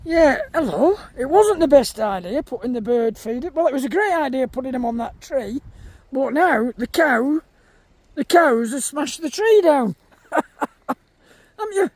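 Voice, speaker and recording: A man's voice: very high-pitched, animated, unhurried, a little mellow, dry recording. A man, vlogging outdoors in a field, chatting casually to his viewers and his animals. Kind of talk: casual vlog chat.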